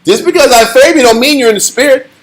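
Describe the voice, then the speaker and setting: A man's voice: very high voice, rapid-fire, a little hiss or hum, low-quality recording. A man teaching a scripture class, preaching emphatically and firing rhetorical questions at his listeners. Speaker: Bible teacher.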